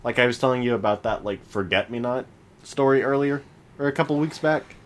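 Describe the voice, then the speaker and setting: A young man with a mid-range voice and a brisk delivery co-hosts a casual podcast. In this relaxed chat he teases his friend and laughs often.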